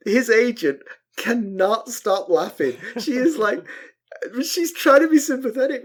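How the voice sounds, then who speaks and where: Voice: mid-range voice, animated, unhurried. A podcast co-host chatting casually, telling an anecdote with giggles and dry quips. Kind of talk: casual chat.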